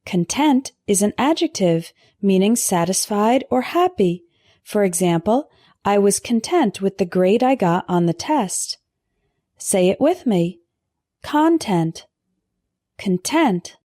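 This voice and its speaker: A woman teaching English vocabulary in a scripted lesson, pronouncing word pairs slowly and carefully for learners to repeat. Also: mid-range voice, lively intonation, warm tone, no echo, clean studio sound. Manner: slow, careful pronunciation drills.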